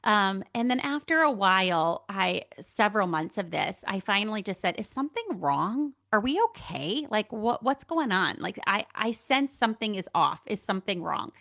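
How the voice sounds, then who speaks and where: A woman's voice: mid-range voice, expressive, normal speed, hardly any pauses, fairly bright tone, dry recording. Chatty woman podcast host, dry sound. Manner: chatty, candid, laughs often, many fillers. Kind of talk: casual spiritual monologue.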